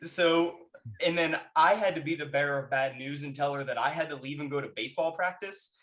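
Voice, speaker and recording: A man with a somewhat high voice chatting on a podcast. He tells stories with lively energy and bursts into loud quoted lines. The talk is relaxed and conversational. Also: fairly quick. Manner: animated storyteller who shouts out quoted lines. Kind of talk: casual chat, reminiscing.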